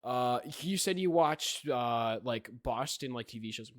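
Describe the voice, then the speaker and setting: A man's voice: mid-range voice, expressive, unhurried, no echo, studio quality. A young man co-hosting a podcast, chatting casually and rambling, with many restarts and "right?" tags. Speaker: podcast co-host. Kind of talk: casual chat.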